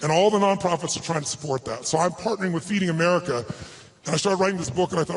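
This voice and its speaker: A man's voice: sits high, very fast. A man giving a live motivational talk to an audience, telling a personal story in an emphatic, earnest way. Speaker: motivational speaker.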